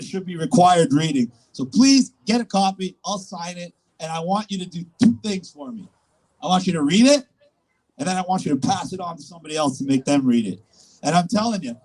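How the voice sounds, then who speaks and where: A man delivers an emphatic rally speech with a high-pitched voice. He races through his story in quick bursts. He sounds set back from the microphone. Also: darkish tone. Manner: emphatic, rapid-fire storytelling. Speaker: rally speaker. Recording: distant mic.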